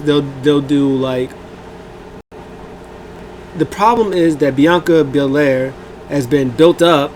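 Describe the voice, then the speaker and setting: A man's voice: on the high side, a little hiss or hum, poor audio. Rambling man recapping wrestling. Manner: rambling, animated, many fillers, acts out quotes. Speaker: wrestling review host. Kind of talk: casual recap of a wrestling event.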